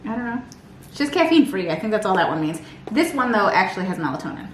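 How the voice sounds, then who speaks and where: A woman's voice: medium pitch, big pitch swings, quick pace, a little hiss or hum. A young woman vlogging casually at home in her kitchen, chatty and rambling, often restarting her sentences. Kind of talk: casual chat to camera.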